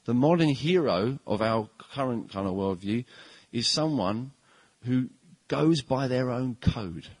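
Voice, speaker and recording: A middle-aged man preaching a conversational sermon, emphatic and animated, with frequent hesitations. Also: mid-range voice, slightly rough, no echo, rough recording.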